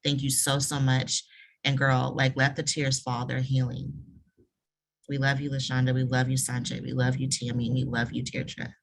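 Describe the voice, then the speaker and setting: A woman's voice: extremely low pitch, monotone, moderate pace, creaky, rough recording. A woman moderating a webinar panel on a video call, speaking in a casual, affirming way. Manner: warm, affirming, casual with fillers.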